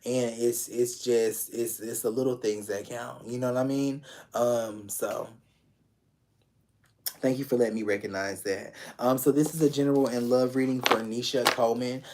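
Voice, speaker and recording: A man's voice: mid-range voice, fairly even intonation, moderate pace, a little mellow. A man giving live-streamed tarot readings in a casual, affectionate way, talking straight to viewers, repeating phrases and swearing freely. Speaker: tarot reader.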